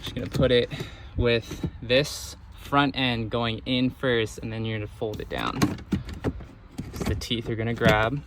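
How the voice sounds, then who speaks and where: A man's voice: medium pitch, unhurried, heavy background noise. Man giving step-by-step repair steps. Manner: relaxed step-by-step instruction. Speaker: mechanic. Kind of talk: hands-on repair walkthrough. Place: auto repair shop.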